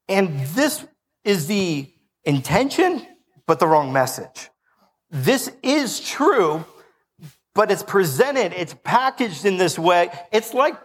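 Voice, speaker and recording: A man's voice: on the high side, in a large hall. A male pastor preaching a conversational sermon, joking and asking the congregation questions.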